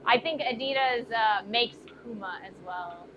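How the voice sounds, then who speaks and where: Pitched on the high side and speaking a little slowly, this woman works as a blacksmith. She forges in her workshop while casually chatting on a live stream, musing and responding to viewer comments; the audio is dull, lo-fi, and faintly noisy.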